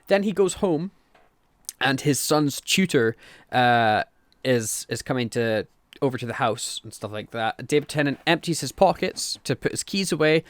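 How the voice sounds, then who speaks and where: A man co-hosts a casual podcast, recapping a TV plot with plenty of swearing and acted-out quotes. His voice sits at a middle pitch and the recording is dry and close. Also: no echo. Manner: animated, sweary, acts out quotes. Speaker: podcast co-host. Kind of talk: casual chat recapping a TV show.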